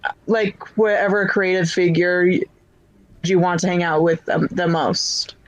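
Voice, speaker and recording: A woman co-hosting a casual podcast, chiming in with quick, animated remarks and questions. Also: on the low side, no room sound, poor audio. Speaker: podcast co-host.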